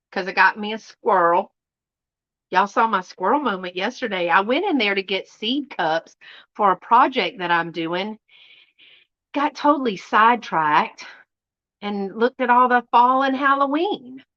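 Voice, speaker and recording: A middle-aged woman from Louisiana with a Southern accent, chatting folksily as she hosts a live unboxing and often drops to a hushed voice. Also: medium pitch, highs cut off. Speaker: channel host. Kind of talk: casual live unboxing chat. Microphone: live stream setup.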